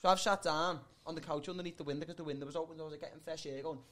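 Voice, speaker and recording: Brief: higher-pitched bloke, rambling sweary storyteller, podcast co-host. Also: male voice, fairly even intonation, racing, a bit bright. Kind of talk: casual comedy chat.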